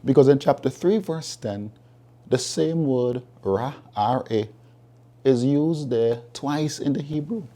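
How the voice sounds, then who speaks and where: A man's voice: mid-range voice, dark tone. A man preaching a sermon, emphatic and repeating key phrases as he reasons with the listeners.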